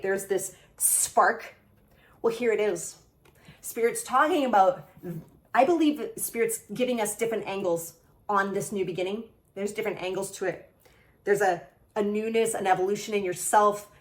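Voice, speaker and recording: Excitable woman giving a tarot reading. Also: medium pitch. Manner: enthusiastic, excitable, gushing; spiritual, affirming tone addressing the viewer directly. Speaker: tarot reader. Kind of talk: channeled tarot reading to camera.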